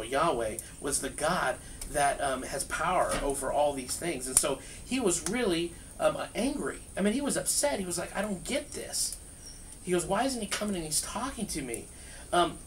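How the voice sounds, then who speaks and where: A man, a pastor, teaching from the Bible in a relaxed, conversational way, full of fillers and restarts, filmed outdoors by a street. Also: on the high side. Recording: distant mic, faint outdoor noise.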